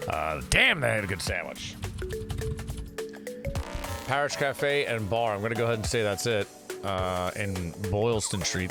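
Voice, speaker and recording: A young man hosting a casual food show, rambling and swearing freely as he reads out a list. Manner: rambling, loose and profane, big jumps in pitch on words read out. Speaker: host. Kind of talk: casual chat.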